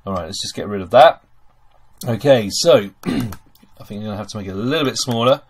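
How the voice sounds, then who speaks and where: A man's voice: on the low side, animated, fairly quick, husky. A man teaching German grammar over a screen recording, chatty and full of okays and fillers.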